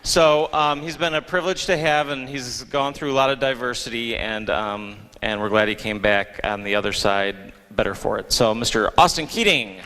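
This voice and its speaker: A man's voice: medium pitch, moderate pace, few pauses, bright, forceful tone, clean tone. A man, a theater director, giving a casual award speech, joking and hesitant with many ums, recorded in a school auditorium. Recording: long reverb of a large hall.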